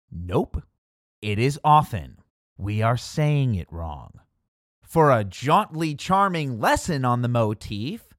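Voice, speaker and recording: A man's voice: on the high side, a bit bright, no room sound, clean studio sound. A man giving scripted comedic narration in a pompous, pedantic, wordy manner.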